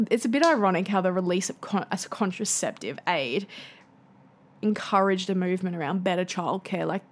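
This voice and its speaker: A woman's voice: medium pitch, a bit bright. A young woman with an Australian accent hosts a solo podcast, chatting in a playful way with ironic asides. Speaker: podcast host. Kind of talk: casual solo podcast monologue.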